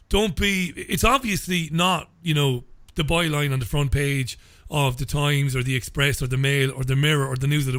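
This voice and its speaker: A man's voice: on the high side, fairly bright tone, no echo. A man with an Irish accent hosting a live radio interview, talking effusively and often repeating words as he starts sentences. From England. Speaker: radio show host.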